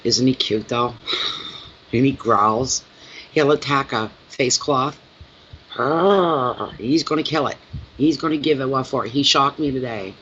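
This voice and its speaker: A man's voice: medium pitch, unhurried, a little hiss or hum. Chatty middle-aged man, muffled home recording. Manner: chatty, animated storytelling. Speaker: tarot reader and channel host. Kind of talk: casual chat with viewers.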